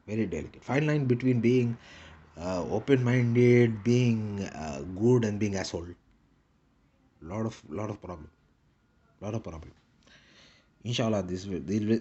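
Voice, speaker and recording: A man's voice: fairly low pitch, dark tone, slightly rough, muffled recording. A man rambling in a casual monologue with a put-on Indian English accent, repeating short clipped broken-English phrases. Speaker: vlogger.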